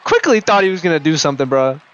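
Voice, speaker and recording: A young man reacting to basketball highlights in a loose, excited way, swearing freely and calling out to the players as he watches. His voice sits a little high for a man. The recording sounds muffled and lo-fi. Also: fast, smooth. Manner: hyped, profane, talks to the players on screen. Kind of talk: casual reaction commentary.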